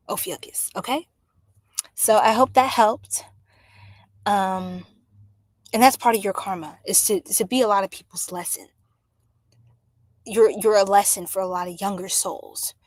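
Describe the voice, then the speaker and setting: A woman giving a casual live-stream astrology reading, chatty and exclamatory, with drawn-out fillers. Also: medium pitch, no echo. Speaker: astrology tarot reader. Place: home room by a window.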